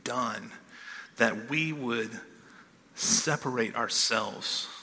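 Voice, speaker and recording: A man preaching a sermon in a casual, animated way, often checking in with "okay?", in a church hall. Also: mid-range voice, drawn-out words. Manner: conversational, animated, keeps asking "okay?". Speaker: pastor.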